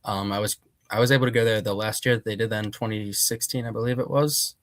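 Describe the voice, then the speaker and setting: Young male guest from Pennsylvania, lowish voice, dry close sound, easygoing storyteller. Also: fairly even intonation, fast, dry recording. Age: young adult. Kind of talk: casual interview answers.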